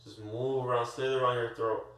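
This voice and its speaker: A man telling a story in casual podcast chat, animated and full of slang, stumbling over his words and restarting. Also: mid-range voice, a little fast. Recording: roomy echo, far from the mic.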